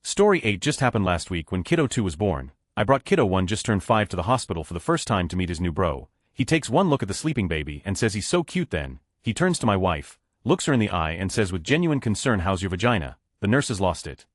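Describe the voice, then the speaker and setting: A man reading short online stories aloud as scripted narration, with a flat delivery that lifts at each story heading. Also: low-pitched, fairly quick, hardly any pauses, dry recording, clean studio sound.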